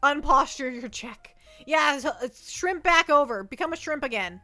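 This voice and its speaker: A woman's voice: high voice, animated, moderate pace, pushed and bright, soft background music. A woman livestreaming from her desk at home, chatting playfully and rambling as she reads chat messages aloud.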